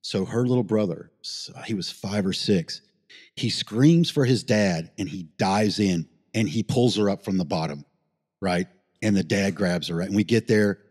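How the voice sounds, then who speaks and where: A man's voice: low-pitched, normal speed, darkish tone, slightly rough, long reverb tail. A middle-aged man, a paramedic, telling a rambling story in a casual interview, swearing freely and getting emotional. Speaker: paramedic guest.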